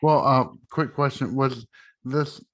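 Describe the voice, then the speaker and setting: A man's voice: medium pitch, fairly even intonation, takes it slowly, a bit bright. A man hosting a podcast interview, asking questions hesitantly. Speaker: podcast host.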